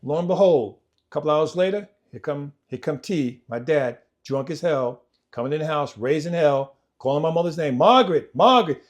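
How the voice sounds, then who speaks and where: A man telling his own life story on a podcast, swinging between loud, animated moments and quiet, low passages, often repeating himself as he goes. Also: normal speed. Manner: vivid, repetitive retelling that acts out family members' voices. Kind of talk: personal storytelling in conversation.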